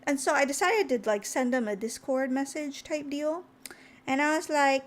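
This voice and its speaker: A young woman streamer telling a long, chatty story. She acts out what people said and jumps in pitch when she gets excited, and she sounds tired. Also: moderate pace. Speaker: VTuber streamer.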